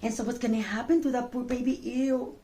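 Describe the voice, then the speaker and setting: A woman telling a children's story in an expressive, chatty way, with exclamations and asides to the young listener. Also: fairly high pitch, brisk. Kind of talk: animated children's story reading.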